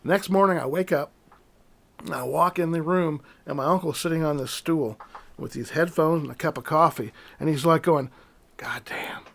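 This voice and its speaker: A man in his fifties with a fairly high voice tells stories in a relaxed podcast conversation. He is animated and acts out the people in his stories as he goes. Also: normal speed, creaky. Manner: storytelling, animated, mimics voices in quotes. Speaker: podcast guest. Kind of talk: casual chat.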